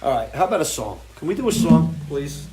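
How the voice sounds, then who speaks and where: A man's voice: fairly high pitch, sing-song, fairly quick, noisy background. A man hosting a live music show, talking off the cuff in an impassioned, swearing rant full of restarts. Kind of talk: off-the-cuff livestream talk. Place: home porch.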